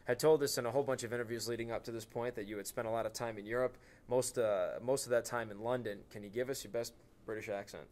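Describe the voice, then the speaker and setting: A man's voice: mid-range voice, fairly even intonation, quick pace, darkish tone. A man hosting a hockey team interview show, asking playful questions with stammered restarts. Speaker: host.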